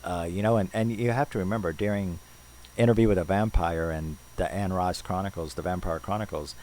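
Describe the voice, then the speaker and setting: A man's voice: sits low, fairly even intonation, brisk, a little mellow, a little hiss or hum, rough recording. A man recapping a horror film in a loose, rambling way, full of restarts and "you know"s. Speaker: movie reviewer.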